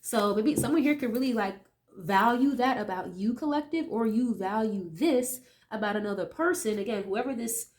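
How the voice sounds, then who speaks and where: Slightly high and a bit mellow, this woman's voice carries a cold-induced nasality as she speaks at a normal speed. She reads tarot cards for viewers in a relaxed, conversational way, reasoning aloud and using many tag questions.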